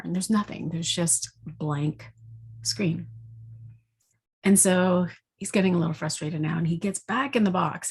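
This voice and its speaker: A woman, an intuitive energy coach, giving a spoken forecast with gentle, vivid storytelling. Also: on the low side, slightly rough.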